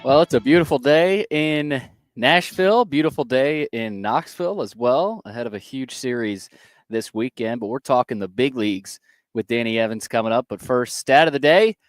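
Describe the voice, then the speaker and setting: A man's voice: mid-range voice, animated, moderate pace, dry recording, clean studio sound. A man co-hosting a sports talk radio show, upbeat and reading sponsor lines. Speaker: radio co-host.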